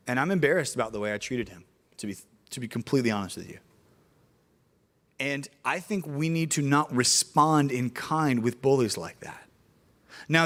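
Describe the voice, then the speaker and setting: A young man, preaching to middle schoolers in an animated storytelling way. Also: medium pitch. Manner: animated storytelling, acts out voices in anecdotes. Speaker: youth pastor.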